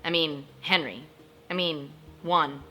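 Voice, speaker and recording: A woman hosting a casual TV recap, chatty and emotionally invested, acting out characters' lines in quick asides. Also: low voice, fairly even intonation, sharp tone, soft background music. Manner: emotionally invested, jokes about crying. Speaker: host of a TV recap channel.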